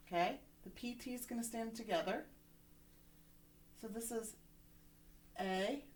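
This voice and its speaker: A woman teacher giving a phonics lesson to young children from home, encouraging and often checking in with "right?". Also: fairly high pitch.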